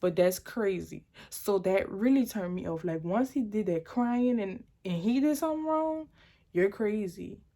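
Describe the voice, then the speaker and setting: A woman's voice: mid-range voice, expressive, a little slow, mellow. A young adult woman telling a personal story on her vlog in a chatty, rambling, dramatic way. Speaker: vlogger.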